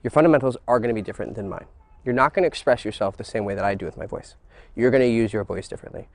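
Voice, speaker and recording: A man giving a dating lesson, switching between teacherly explanation and excited, crude joking, swearing casually. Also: fairly low pitch, very fast, dry recording. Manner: animated, mixes teacherly talk with excited crude jokes. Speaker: dating coach. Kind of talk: instructional monologue.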